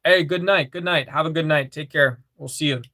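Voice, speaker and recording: A man's voice: fairly high pitch, a little fast, sharp tone, no echo. A man casually chatting on a livestream, reading chat messages aloud and repeating phrases, with lots of fillers.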